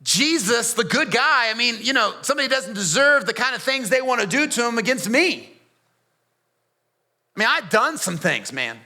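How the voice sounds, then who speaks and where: A man's voice: extremely high pitch, very animated, moderate pace, bright, forceful tone, heavily acted. A pastor, a man, performing as a defiant, streetwise male prisoner, telling his story in the first person with casual, slangy asides. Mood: confiding. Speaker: pastor performing a dramatic monologue. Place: church.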